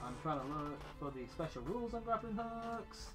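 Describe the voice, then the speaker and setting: A young man narrating as game master of a tabletop game, hesitant and full of pauses while he checks the rules. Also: on the high side, animated, music in the background.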